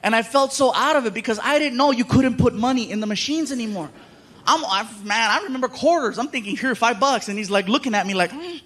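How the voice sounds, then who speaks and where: A middle-aged man performing stand-up comedy, telling stories on stage with animated voices. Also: very high voice, fast. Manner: animated storytelling, frequent voices.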